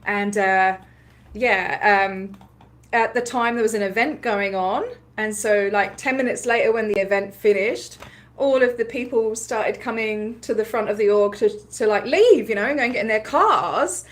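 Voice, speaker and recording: A woman casually telling a story on a livestream, animated, laughing often, with many ums and likes as she acts out what others said. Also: medium pitch, moderate pace. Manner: acts out other people's lines while retelling. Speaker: livestream host recounting a protest.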